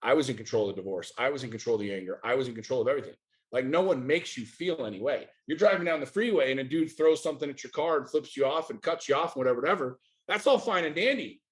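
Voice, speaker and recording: Animated and fast-talking, a medium-pitched middle-aged man from the United States appears as a podcast guest. His interview talk is candid and intense, with frequent swearing and rapid rhetorical questions.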